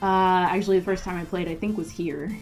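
Woman, podcast guest, casual chat, lowish voice, giggly, hesitant, lots of ums. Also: fairly even intonation, fast, a little mellow, low-quality recording.

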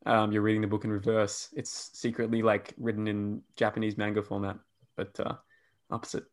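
A man's voice: lowish voice, monotone, a little fast. A man hosting a podcast and chatting casually, upbeat and rambling, laughing at his own jokes. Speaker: podcast host.

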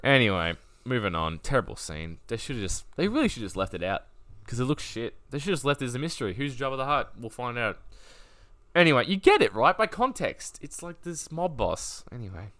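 A man co-hosting a podcast in casual chat, animated and joking, swearing freely. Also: medium pitch, fairly quick, dry recording. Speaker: podcast co-host.

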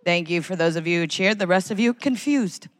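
An American woman performing a live stand-up routine in a large concert hall, wry and animated. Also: a little fast, slight background noise. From United States. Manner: wry, animated, acts out characters in high voices. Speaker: stand-up comedian.

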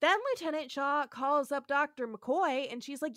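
Animated bright-voiced woman recapping. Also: high-pitched, moderate pace, no echo, studio quality. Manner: animated, acts out quotes, laughs often. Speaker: podcast co-host. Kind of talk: casual recap chat.

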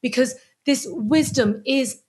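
A woman speaking as a podcast guest on Chinese medicine, animated and acting out little scenes in other voices. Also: high-pitched, slow pace. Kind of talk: podcast interview.

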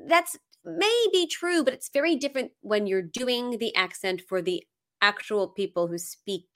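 A woman singer and impressionist chatting as an interview guest, animated and laughing often. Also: a little high, unhurried.

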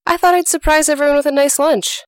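A woman doing Brer Rabbit, a sly high-voiced trickster. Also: steady tone, fast, dry recording, natural voice. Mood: sweetly scheming.

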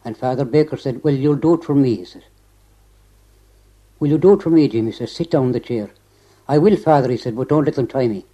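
A man's voice: medium pitch, brisk, long pauses, mellow, dull audio. An older Irish man recounting a long memory in an interview, rambling and constantly repeating "he said" and restarting his phrases. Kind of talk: oral history recollection.

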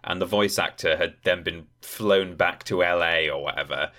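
A man with a very low voice co-hosting a podcast. He tells anecdotes in relaxed, chatty fashion and gets animated as the stories build. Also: moderate pace. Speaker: podcast co-host. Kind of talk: casual chat.

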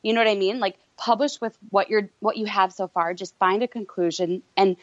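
A woman guest telling her story in a candid, quick-talking way. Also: medium pitch, fairly even intonation, no room sound. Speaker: guest entrepreneur. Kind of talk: casual interview chat. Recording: dull lo-fi recording.

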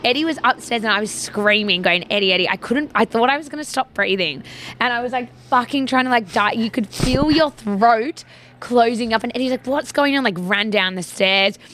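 Young woman, casual co-host, bright tone, sweary and lively storyteller. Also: fairly high pitch, moderate pace, slight background noise. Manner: swears freely, animated storytelling. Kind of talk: casual chat.

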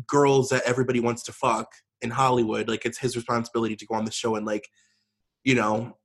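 Man, husky voice, casual podcast cohost, sarcastic rambling gossip, frequent swearing. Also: mid-range voice, a bit bright. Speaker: podcast co-host.

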